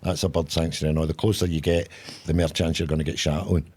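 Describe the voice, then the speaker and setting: A man's voice: extremely low pitch, flat delivery, fast talker, a little mellow, husky. An older man, co-hosting a casual comedy chat with bawdy, jokey banter. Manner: bawdy, jokey banter with put-on quoted voices. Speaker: co-host.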